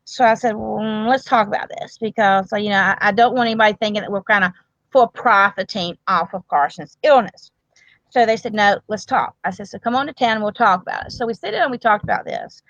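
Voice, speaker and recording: A woman's voice: medium pitch, fast, a bit bright, no echo, muffled recording. A woman, a grandmother and medical provider, talking earnestly and at length in a casual interview, with many restarts. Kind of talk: emotional casual interview talk.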